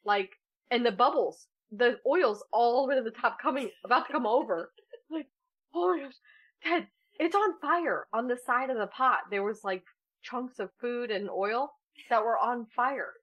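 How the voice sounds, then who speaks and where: A woman's voice: fairly high pitch, normal speed, lo-fi sound. A woman in her thirties co-hosting a podcast, telling a funny family story in casual chat and laughing often. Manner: animated, laughs often while telling stories. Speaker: podcast co-host.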